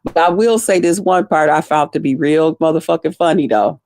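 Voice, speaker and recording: A woman's voice: fairly low pitch, big pitch swings, normal speed, a little mellow, no room sound, clean studio sound. A middle-aged woman giving blunt, profane livestream commentary, laughing often and greeting chat viewers by name.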